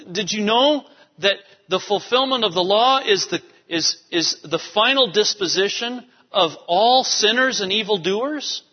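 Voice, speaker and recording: A man preaching a sermon to a congregation, emphatic and animated, with asides to the people in the pews. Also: high voice, slow. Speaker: pastor. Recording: dull sound in a reverberant hall.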